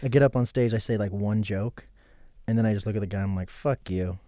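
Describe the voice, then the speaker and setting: A podcast guest in his thirties rambles through a story in casual chat, animated, swearing a lot and acting out what people said. His voice is on the low side and quick-paced, in a dry, studio-quality recording.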